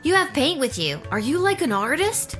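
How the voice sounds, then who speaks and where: A woman's voice: sits high, very animated, normal speed, fairly bright tone, faint music behind. An actress playing a blunt, teasing twelve-year-old girl guarding a kingdom's gates in a video game.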